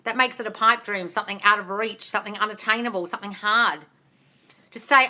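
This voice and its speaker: A woman's voice: medium pitch, a little fast, bright, forceful tone. A woman coach on a phone livestream, blunt and swearing freely, calling her viewers darling as she reads their comments aloud and answers them. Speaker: manifestation coach. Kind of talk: livestream Q&A chat.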